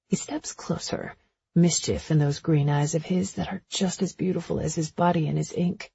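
Woman narrator for a first-person romance audiobook; raspy, gravelly, breathy and intimate, dull lo-fi sound. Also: low voice, fairly even intonation, normal speed, mellow, no room sound.

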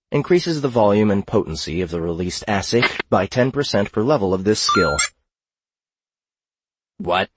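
A man narrating a fantasy audiobook in a measured, matter-of-fact way. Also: fairly low pitch, big pitch swings, husky, no room sound. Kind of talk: scripted fiction narration.

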